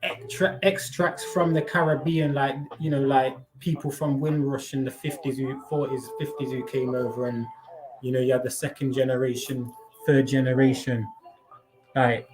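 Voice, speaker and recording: A man's voice: medium pitch, little pitch movement, moderate pace, a little mellow, faint music behind. A man chatting casually on a live stream, slangy and rambling, swearing freely.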